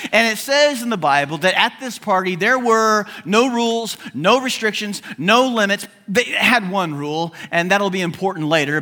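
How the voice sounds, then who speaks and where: Man, pastor, sermon, high voice, jokey storytelling, modern asides. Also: bright, forceful tone.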